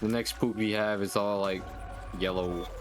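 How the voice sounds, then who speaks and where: A man's voice: fairly low pitch, steady tone, normal speed, soft background music. A man chatting casually with a gaming host, cutting in with teasing jokes. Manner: teasing, joking interjections. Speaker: co-host in the chat. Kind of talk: casual chat.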